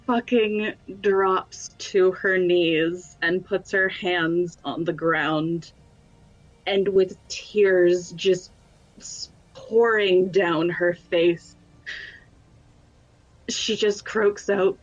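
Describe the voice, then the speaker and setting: A woman's voice: on the low side, steady tone, extremely slow. A woman playing a tabletop game, narrating her character in a hesitant, emotional way. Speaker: player. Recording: dull lo-fi sound.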